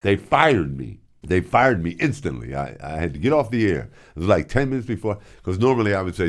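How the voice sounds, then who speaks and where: A man's voice: low voice, big pitch swings, a little fast. An older man and former radio host telling stories casually and animatedly, slipping into voices and sound effects. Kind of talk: casual storytelling.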